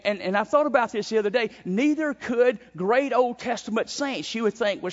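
A man preaching through a Bible passage, his voice sitting high for a man. He presses his points with emphasis and keeps restarting phrases. The sound is a little dull and rings with a long echo, as in a church sanctuary. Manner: emphatic, frequent repeated starts. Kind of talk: expository sermon.

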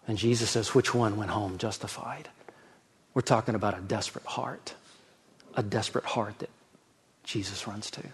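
A middle-aged man, a pastor, preaching a sermon with a personal story, swinging from loud emphasis to soft, hushed telling. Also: lowish voice, fairly even intonation, moderate pace, husky.

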